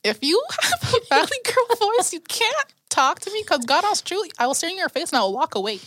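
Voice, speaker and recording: High, dramatic young woman co-host. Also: very animated, fast, a bit bright. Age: young adult. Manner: emphatic, dramatic ranting. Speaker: podcast co-host. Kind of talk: casual chat.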